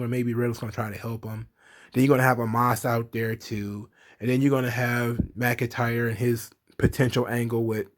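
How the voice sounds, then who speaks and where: A man casually recapping a wrestling show, rambling and exasperated, with lots of fillers. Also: mid-range voice. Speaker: wrestling commentary vlogger.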